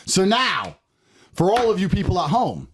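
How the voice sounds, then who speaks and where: Preachy high-voiced man lecturing. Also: huge pitch swings, moderate pace, slight background noise. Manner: preachy, mock-lecturing delivery. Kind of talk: casual chat.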